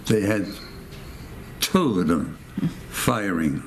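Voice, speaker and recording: Low-pitched, animated and slow, a man in his 90s from the United States recounts a war story in a rambling oral-history interview. He repeats his phrases and acts out quoted voices, and there's slight background noise.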